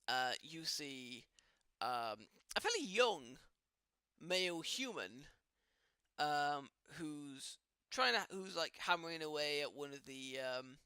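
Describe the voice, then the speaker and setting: Bright-voiced man running a tabletop game. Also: a little high, smooth, dry recording, clean studio sound. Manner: halting, many fillers and restarts. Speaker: game master.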